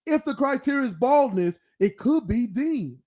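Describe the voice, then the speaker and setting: A man with a high yet mellow, dark-toned voice argues in a heated casual debate. He scolds his co-host in mock anger and swaps his curses for a made-up word. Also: expressive, normal speed. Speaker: podcast co-host.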